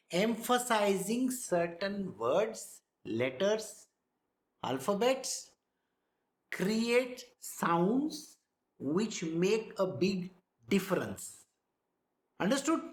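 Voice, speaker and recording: A man giving a spiritual discourse, speaking slowly, sounding out words and often checking whether listeners follow. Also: high voice, echoey room. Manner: slow, demonstrates pronunciation, asks listeners if they follow. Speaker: spiritual teacher.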